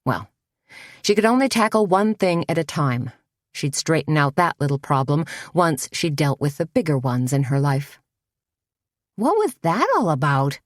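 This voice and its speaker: Low-voiced woman narrating a cozy mystery. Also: moderate pace, no echo, clean studio sound. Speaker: audiobook narrator.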